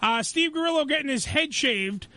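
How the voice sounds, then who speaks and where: A man's voice: extremely high pitch, expressive, normal speed, sharp tone, no echo. A man hosting a radio show, joking, swearing and laughing often in casual banter on a studio mic.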